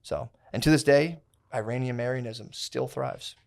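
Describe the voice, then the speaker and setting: Young male podcast co-host, mid-pitched voice, casual and profane, loose storyteller full of fillers. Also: moderate pace, creaky, a little mellow. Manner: rambling, profane, slangy storytelling with many fillers.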